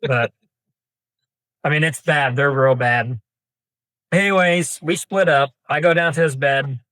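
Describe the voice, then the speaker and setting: A young Kansas man, a guest on a podcast, spins a long deer-hunting yarn in a folksy, wandering style full of fillers and restarts. His voice sits on the high side with a sharp tone, and he takes his time. The recording has no room sound, and the exchange is a casual storytelling interview.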